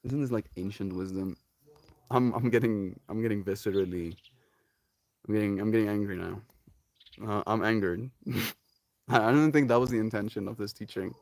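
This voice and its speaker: A man's voice: fairly low pitch, normal speed, pauses often, darkish tone, no room sound. A young man on a casual solo live stream, rambling playfully and slipping into baby talk with his pets.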